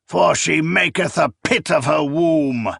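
A man voicing a zealous, cruel old priest with a hoarse, booming voice who shouts and rants scripture. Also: slow, dry recording, clean studio sound, heavily acted. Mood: ranting.

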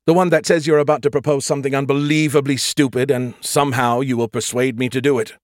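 A man's voice: mid-range voice, fairly even intonation, fast talker, no room sound, studio quality, voice pushed up, natural voice. A man voicing a snarky, dramatic male AI with a tiny hologram avatar, whiny and exasperated. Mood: exasperated, panicky.

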